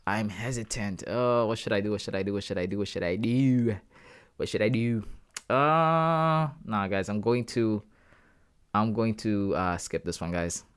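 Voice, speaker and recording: A man's voice: on the low side, unhurried, clean tone. Young man thinking aloud to his chat. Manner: thinking aloud, talks to chat with "guys" and "bro". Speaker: trading livestream host. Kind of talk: casual live commentary.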